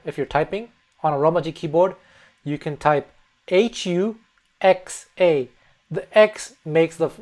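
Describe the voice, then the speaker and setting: Relaxed man teaching pronunciation. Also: a little high. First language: English. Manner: relaxed, demonstrates words slowly with repetition. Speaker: language teacher. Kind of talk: casual spoken lesson. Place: Fukuoka, Japan.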